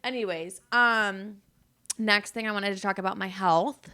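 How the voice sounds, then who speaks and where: A woman's voice: mid-range voice, unhurried, pushed and bright. A young woman hosting her own podcast, talking candidly in a casual solo monologue, rambling with lots of fillers and frequent swearing. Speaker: podcast host.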